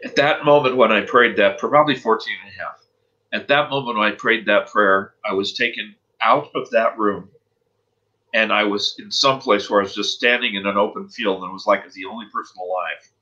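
A man's voice: lowish voice, brisk, pushed and bright, lo-fi sound. A man as an interview guest, telling a personal story of faith in an earnest, emotional way.

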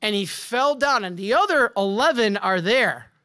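A man, a Catholic priest, giving a conference talk with emphatic preaching and rhetorical questions, swinging from forceful declarations to hushed asides. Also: high-pitched, animated, moderate pace.

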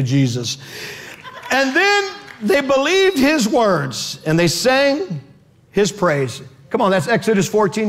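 Animated high-pitched preaching man. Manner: animated, shouting in bursts, acts out voices. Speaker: pastor. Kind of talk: lively sermon with comic storytelling.

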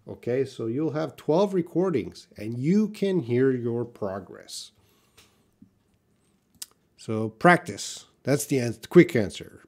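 On a live question-and-answer stream, a man with a mid-range voice teaches English, reading viewers' questions aloud and modeling words for them to say back.

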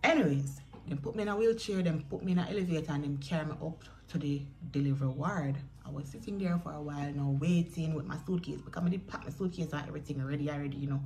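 A woman's voice: low-pitched, fast talker, hardly any pauses, mellow. A young Jamaican woman in a chatty storytelling vlog who speaks straight to her viewers. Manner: chatty, addresses viewers directly, acts out quoted voices. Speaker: vlogger.

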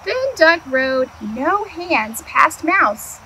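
Over a low-quality recording with some hiss or hum, a woman with a high voice reads a picture book to young children. An early childhood educator, she's animated, putting questions to the kids and answering them herself. She reads slowly and clearly, as at storytime.

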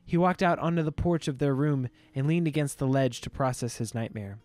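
A man's voice: medium pitch, a little fast, a little mellow, no echo. Dry-voiced man reading aloud mockingly. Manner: mock-dramatic, laughing while reading. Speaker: podcast co-host.

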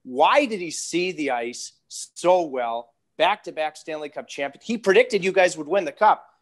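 A man's voice: fairly high pitch, animated, normal speed. A man hosting an interview podcast, asking long questions and telling chatty anecdotes. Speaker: podcast host.

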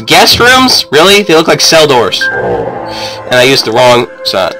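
A man giving excitable let's-play commentary, talking to the characters and yelling in frustration at the controls. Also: medium pitch, takes it slowly, poor audio. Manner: excitable, yells at the game. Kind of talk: game commentary. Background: game music.

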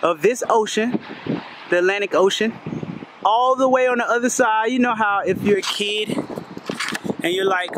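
A man's voice: high voice, moderate pace, long pauses, noisy background. An American man from North Carolina, casually vlogging a trip by the ocean and talking to viewers in a laid-back, chatty way. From North Carolina, USA. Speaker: travel vlogger. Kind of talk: casual travel vlog. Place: outdoors by the ocean and in a cafe.

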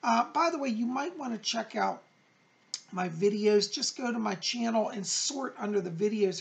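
A middle-aged man hosting a psychic advice show, reading viewer letters aloud and answering them in a gentle, reassuring, chatty way. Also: high-pitched, creaky. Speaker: psychic medium host.

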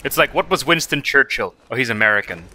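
A man's voice: mid-range voice, lively intonation, quick pace, bright, forceful tone, a little hiss or hum. A man playing a video game with friends, cracking dry jokes in casual banter. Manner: joking, dry asides. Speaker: let's play gamer.

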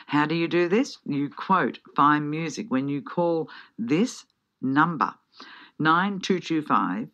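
A woman hosting a live radio interview, chatty and laughing often, reading out ticket details slowly. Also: low-pitched, fairly bright tone. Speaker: radio host. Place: radio studio. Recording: dull lo-fi radio broadcast.

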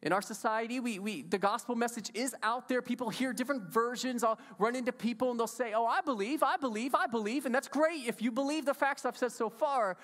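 A high-pitched male pastor preaches in a casual, emphatic way, firing rhetorical questions at the congregation. His steady, slightly bright voice moves fairly quickly with hardly any pauses, and the church sanctuary adds a long reverb.

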